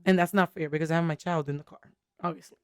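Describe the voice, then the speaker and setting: A woman's voice: low-pitched, fairly even intonation, fast, smooth, no echo, clean studio sound. Candid young woman telling a long story. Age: young adult. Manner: candid, rambling storytelling with many fillers. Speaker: podcast co-host. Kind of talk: casual podcast chat.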